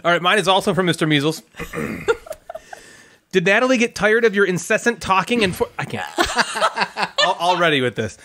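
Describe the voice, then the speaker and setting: Bright, animated man hosting a podcast. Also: high voice, normal speed, pauses often, a little hiss or hum. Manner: jokey, animated, bursts of laughter. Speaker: podcast host. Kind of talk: casual podcast chat.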